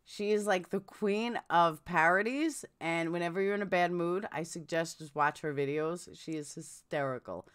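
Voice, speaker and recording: A woman's voice: fairly low pitch, normal speed, hardly any pauses, clear, resonant tone. A woman hosting a casual live stream, chatting and answering viewers' comments. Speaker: true crime live streamer.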